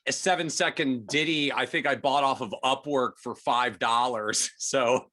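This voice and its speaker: A man speaking as a podcast guest in casual chat, quick and self-deprecating. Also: mid-range voice, steady tone, pushed and bright.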